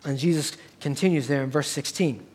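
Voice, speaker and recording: A man's voice: fairly high pitch, brisk, darkish tone. A man preaching a sermon as pastor, earnest, building to raised emphatic passages.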